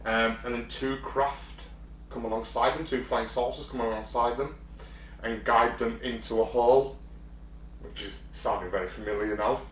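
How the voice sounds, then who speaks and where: A man's voice: medium pitch, steady tone, moderate pace, fairly bright tone. A man co-hosting a casual podcast, telling a story with lots of ums and restarts. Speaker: podcast co-host. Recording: roomy, distant mic, faint hum.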